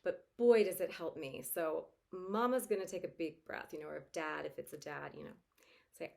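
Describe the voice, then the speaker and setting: Gentle, encouraging woman parenting coach. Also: low voice, moderate pace, vocal fry. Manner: gentle, soothing and encouraging, modeling calm phrases to a child. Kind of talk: coaching talk to parents with modeled scripts.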